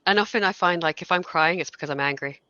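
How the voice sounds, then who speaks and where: A woman's voice: on the low side, fast talker, pushed and bright, clean tone, dry recording, muffled recording. A woman guest speaking frankly and with animation in a casual panel conversation, acting out quoted remarks. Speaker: guest, game course organizer.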